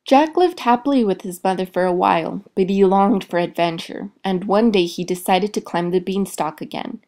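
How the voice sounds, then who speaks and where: A woman reading a fairy tale aloud in a clear, expressive storytelling manner. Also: mid-range voice, moderate pace.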